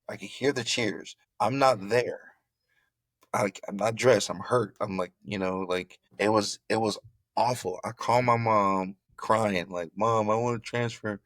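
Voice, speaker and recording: A middle-aged man from Florida, a former football player, telling his story in an interview with animated, repeated phrases. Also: fairly low pitch, no room sound.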